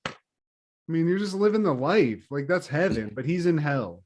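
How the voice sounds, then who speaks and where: Man, podcast co-host, slightly higher voice, loose and profane, laughs a lot while he recaps. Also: big pitch swings, normal speed, a little mellow, a little hiss or hum. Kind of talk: casual chat recapping a cartoon episode.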